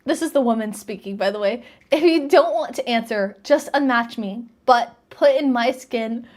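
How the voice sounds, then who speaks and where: Woman streamer, higher-pitched, chatty reaction commentary, reads messages aloud and muses. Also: normal speed, darkish tone.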